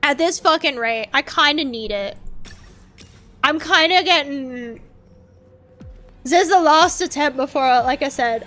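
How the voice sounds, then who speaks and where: Woman streamer, high voice, dramatic whining, lots of swearing, faint music behind. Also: measured pace, long pauses, pushed and bright. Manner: dramatic, whiny, swears a lot. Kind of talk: casual gameplay chat.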